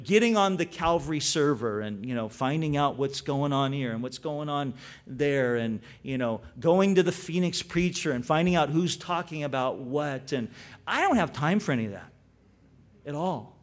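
Animated, high-voiced male pastor preaching. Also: moderate pace. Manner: conversational, storytelling with animated emphasis. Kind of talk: sermon.

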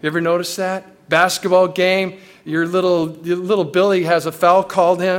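A man preaching a sermon as a pastor, animated and acting out the voices of people he quotes. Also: sits high, normal speed, few pauses.

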